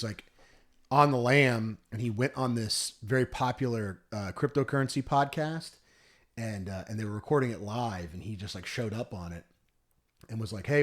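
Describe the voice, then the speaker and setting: A young man co-hosting a podcast in casual chat, telling stories in a rambling way and often correcting himself. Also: lowish voice. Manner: rambling, self-correcting storyteller. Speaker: podcast co-host.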